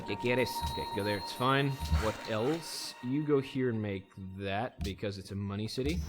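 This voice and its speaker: A man's voice: on the low side, slight background noise. Jokey man rambling through gameplay commentary. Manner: jokey, rambling, talks to himself and the game; breaks into goofy voices and song snippets. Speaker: let's play host.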